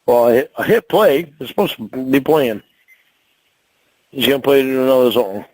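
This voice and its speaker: A man's voice: mid-range voice, expressive, moderate pace, darkish tone, dry recording, poor audio. A man who drives trucks, arguing at home, swearing constantly and stumbling over his words. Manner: profane, rambling, stumbling restarts. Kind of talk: heated domestic argument.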